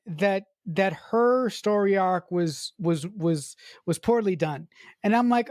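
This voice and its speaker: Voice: mid-range voice, slow, a little mellow, no echo, studio quality. A podcast co-host discussing a film in casual chat, ranting heatedly with profane, acted-out retorts.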